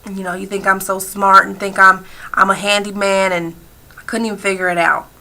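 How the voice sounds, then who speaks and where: A woman's voice: medium pitch, flat delivery, a little fast, bright, forceful tone. A woman voicing a very tall, grumpy man in a told story who fires off accusing, defensive questions.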